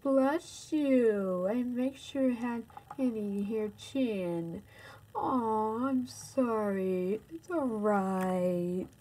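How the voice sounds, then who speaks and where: A woman playing with a toy doll in a casual video, soft and cooing as if talking to a baby. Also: fairly high pitch, drawn-out words, low-quality recording. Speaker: toy reviewer.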